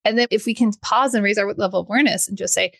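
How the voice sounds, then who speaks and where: A woman's voice: mid-range voice, racing, gravelly, a bit bright, no echo. A woman hosting a podcast, explaining her thoughts in an earnest, reflective way. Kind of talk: reflective casual conversation.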